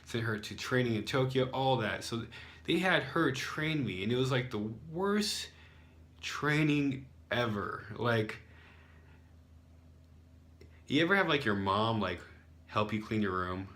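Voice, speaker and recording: A man's voice: medium pitch, expressive, measured pace, long pauses, fairly bright tone. A young American man, an English teacher, telling a story casually with lots of fillers and sarcastic asides. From United States.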